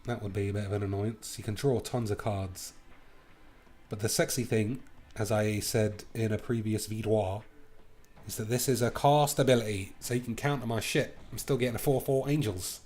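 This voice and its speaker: A man's voice: on the low side, steady tone, normal speed, a little mellow. A man giving playful, crude running commentary on his card game as he plays, thinking aloud about each move. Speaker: gaming video host.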